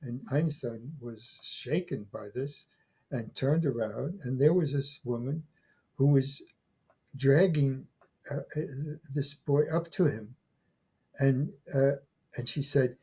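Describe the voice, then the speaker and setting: An elderly man in his eighties speaks slowly and haltingly as an interview guest, repeating words as he restarts his phrases. His voice is mellow and a little husky. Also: medium pitch. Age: 80s. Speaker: guest, folklore scholar. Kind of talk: conversational interview.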